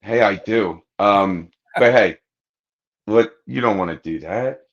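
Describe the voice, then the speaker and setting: Slow and fairly low-pitched, this podcast host unspools a long story in casual talk, swearing openly and mimicking what people said. High frequencies are cut off in the audio.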